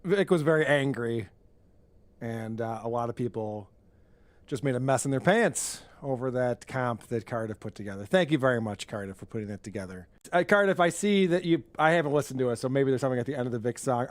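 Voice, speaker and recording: A man's voice: mid-range voice, brisk, no room sound. A man hosting a podcast, chatting casually and laughing often. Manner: excitable, laughing, swearing. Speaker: podcast host. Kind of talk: casual chat.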